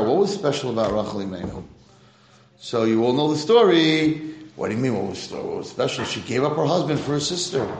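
A man's voice: mid-range voice, roomy sound, a little hiss or hum, low-quality recording. A man teaching a religious lesson to a class, posing rhetorical questions and mixing in Hebrew terms. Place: room with a class present.

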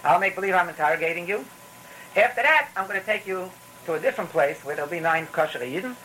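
A man's voice: sits high, lively intonation, fast talker, sharp tone, a little hiss or hum, low-quality recording. A man with giving a rambling, storytelling Torah talk, full of restarts and phrases. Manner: rambling, repetitive restarts, mixes in Yiddish phrases.

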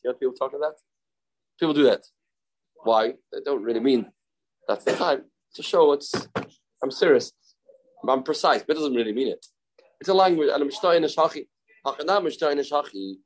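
Male Talmud teacher, mid-pitched, chatty, repeats points and drops in study terms. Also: low-quality recording. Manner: conversational, repeats his points and uses everyday examples; mixes English with Hebrew and Aramaic study terms.

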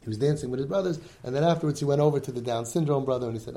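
Emphatic man a dark voice. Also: medium pitch, rapid-fire. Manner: emphatic, acts out children's pleas, mixes in Yiddish and Hebrew words. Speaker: group leader speaking to siblings. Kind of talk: impassioned talk to a support group.

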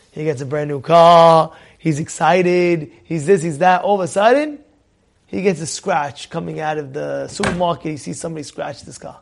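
A man giving a religious lesson with stories, animated and repetitive, asking his listeners rhetorical questions and swinging from loud to hushed. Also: high voice, creaky.

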